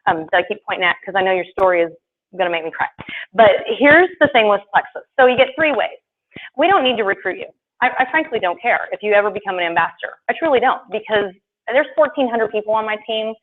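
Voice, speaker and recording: A woman presenting to a live audience in a chatty, animated way. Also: medium pitch, fast. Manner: chatty and animated, acts out quoted voices. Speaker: product presenter. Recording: tinny phone-like live stream, faint noise.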